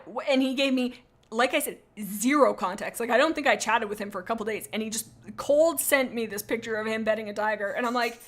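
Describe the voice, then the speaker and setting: A woman's voice: a little high, fairly quick. A young adult woman streaming live, chatting casually and rambling as she reads chat aloud.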